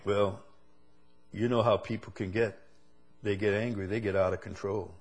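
A man's voice: lowish voice, steady tone, normal speed. A male preacher giving a sermon, asking the same question again and again and building to emphatic peaks.

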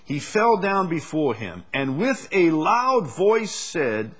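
Man, preacher, husky voice, emphatic sermon delivery, scripture reading. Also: on the high side, huge pitch swings, slow pace. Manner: emphatic preaching with rising intensity on scripture quotes.

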